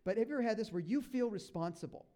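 Preaching with animation, the pastor dramatizes quotes and slips in asides to those listening. It's a man's voice, pitched high and delivered at a quick pace.

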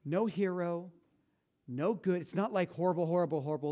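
A man's voice: high voice, animated, normal speed, warm tone. A middle-aged man preaching a sermon to his congregation in a conversational, joking way, often restarting his sentences. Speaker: pastor. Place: church.

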